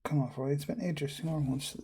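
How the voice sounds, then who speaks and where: A man's voice: a little high, steady tone, moderate pace, warm tone, a little hiss or hum. A man reading a visual novel aloud, doing narration and all the characters in his own voice and reacting as he goes. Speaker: game streamer.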